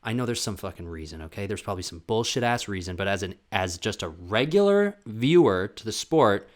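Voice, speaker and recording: A man with a lowish voice rants alone on his comedy podcast. He talks in a loose, profane, rambling way and jumps from point to point. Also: expressive, brisk. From Canada. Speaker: podcast host. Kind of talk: comedic solo podcast rant.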